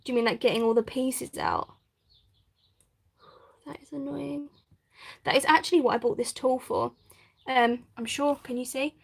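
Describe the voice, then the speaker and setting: A woman with a slightly high voice chats her way through a live crafting session. She reads out viewer comments, laughs often and breaks into bursts of excitement as she works. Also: normal speed, vocal fry, pauses often, slightly rough. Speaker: craft channel host. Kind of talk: casual live crafting chat, reading comments.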